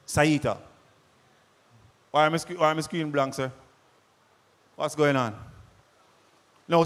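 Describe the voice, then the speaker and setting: A Jamaican man with a notably high voice, presenting farm products to a big audience. He talks with punchy energy and keeps quizzing the crowd. His voice rings out with the long reverb of a large hall. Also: fairly bright tone. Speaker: product presenter at a farmers' forum. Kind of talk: lively sales presentation to a live audience.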